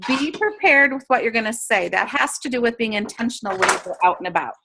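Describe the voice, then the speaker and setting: A woman's voice: a little high, animated, a little fast, noisy background. A woman giving an upbeat sales training talk over a video call, coaching her listeners and acting out sample conversations. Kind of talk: training talk to direct sellers.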